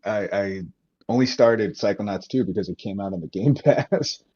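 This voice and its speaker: A man with a lowish voice, heard through a dull, lo-fi line. He talks in casual podcast chat, swinging from loud outbursts to mumbled trail-offs, with some swearing. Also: normal speed, husky. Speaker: podcast co-host. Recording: dull lo-fi sound.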